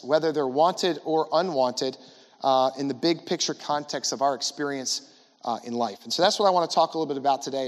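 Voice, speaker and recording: Man speaking in a reverberant hall. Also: fairly high pitch. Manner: chatty, asks the audience, keeps adding "right?". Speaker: guest speaker at a school chapel. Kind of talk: conversational chapel talk to students.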